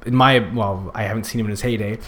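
A man's voice: fairly low pitch, steady tone, fast talker, fairly bright tone. A man guest on a podcast, chatting casually and rambling with lots of fillers and restarts. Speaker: podcast guest, youth circus worker. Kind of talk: casual chat.

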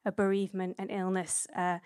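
A woman in her thirties preaches in an easy, chatty way, full of little fillers and restarts. Her voice sits at an ordinary middle pitch. The sound is dry and close, with no room echo. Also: a little fast, smooth. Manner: chatty and relaxed, with many fillers and self-corrections. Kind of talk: conversational sermon.

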